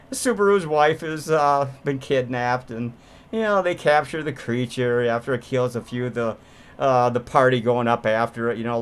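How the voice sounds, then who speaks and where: Brief: man, casual cursing film reviewer, lively pitch, laughs a lot. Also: clean tone. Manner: profane, laughing, rambling. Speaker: movie reviewer. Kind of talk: casual movie review commentary.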